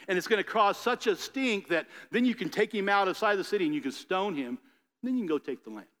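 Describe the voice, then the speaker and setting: A man preaching, moving from steady scripture reading into loose, chatty storytelling, dropping into quick voiced asides. His voice sits a bit high for a man. The sound hangs in a long, echoing hall. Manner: reads scripture then retells it in casual voices. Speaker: pastor.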